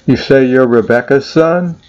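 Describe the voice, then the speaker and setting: A man's voice: mid-range voice, moderate pace, darkish tone, dull audio, close to an everyday voice. A man voicing friendly, helpful local shepherds.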